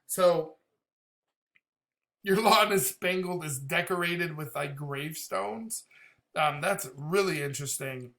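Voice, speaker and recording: Bright-voiced man casually breaking down lyrics. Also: a little high, slow, creaky, pauses often. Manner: thinks aloud, laughs often, swears casually. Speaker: reaction video host. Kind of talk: casual song reaction commentary.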